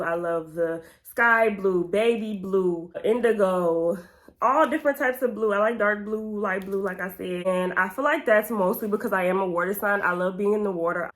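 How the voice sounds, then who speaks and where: A young woman. She chats candidly and casually to her viewers, answering questions about herself with plenty of slang. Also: mid-range voice. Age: 20s. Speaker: vlogger. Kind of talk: casual get-to-know-me Q&A.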